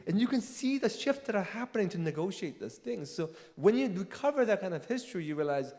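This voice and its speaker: A man answering an audience question at a church forum, animated, laughing often and tagging points with "right?". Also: sits high, brisk, hardly any pauses, long reverb tail. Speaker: guest speaker, theologian.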